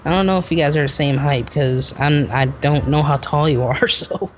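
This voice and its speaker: A man hosting a casual podcast, joking and excitable, talking in loose rambling bursts. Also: on the high side, moderate pace, slight background noise. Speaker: podcast host. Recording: muffled lo-fi recording.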